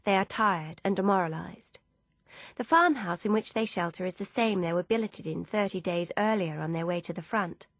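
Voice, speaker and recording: Low, gravelly woman narrating a novel. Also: no room sound. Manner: steady, measured storytelling. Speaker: audiobook narrator. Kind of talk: scripted narration.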